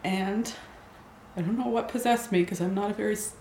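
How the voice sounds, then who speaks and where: A woman telling a personal story in a hesitant, halting way, often restarting her sentences. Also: mid-range voice, darkish tone. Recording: echoey room with noise.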